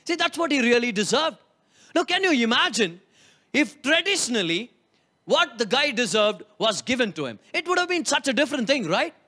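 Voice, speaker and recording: A man's voice: very high-pitched, sing-song, moderate pace, pushed and bright. A man preaching a sermon, emphatic, asking rhetorical questions and repeating key lines. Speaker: pastor.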